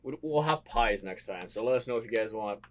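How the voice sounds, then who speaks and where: A man's voice: lowish voice, animated, fairly quick, a little hiss or hum. Easygoing young man, laughing between words. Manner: easygoing, laughs often, says "like" a lot. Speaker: podcast co-host. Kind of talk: casual podcast chat.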